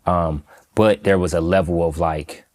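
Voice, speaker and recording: A man from Michigan, a guest in an interview, recounting a personal story in a slow, halting, reflective way with many pauses. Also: low-pitched, steady tone, darkish tone. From Michigan, USA.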